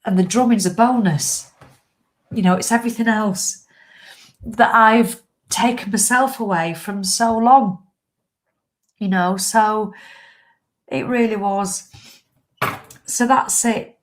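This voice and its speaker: A woman's voice: medium pitch, takes it slowly, long pauses. Blunt, swearing fitness coach woman. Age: middle-aged. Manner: blunt, heavy swearing, impassioned. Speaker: fitness coach selling her course. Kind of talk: casual live video chat to followers.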